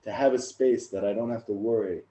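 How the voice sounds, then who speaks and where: A man in his thirties, a rabbi, sharing his own story in a casual, animated talk that gets louder and higher in the funny parts. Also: fairly quick, poor audio. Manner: animated storyteller, rising and loud in funny moments. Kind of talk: casual personal talk to a group.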